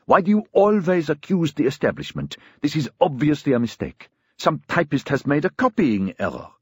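A man's voice: mid-range voice, sing-song, brisk, no room sound, clean studio sound, pitched above the performer's own voice. A man voicing a hot-tempered young man who argues indignantly. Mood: furious. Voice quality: indignant, shouting.

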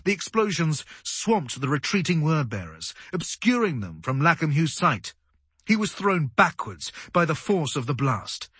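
A man narrating an audiobook in a dramatic, animated storytelling manner. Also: on the high side, slightly rough, no echo. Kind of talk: scripted narration.

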